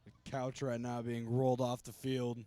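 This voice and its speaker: A man co-commentating a school football game from an outdoor stadium. He speaks casually and upbeat, in an even, fairly flat voice. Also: mid-range voice, normal speed. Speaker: color commentator. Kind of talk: sports commentary.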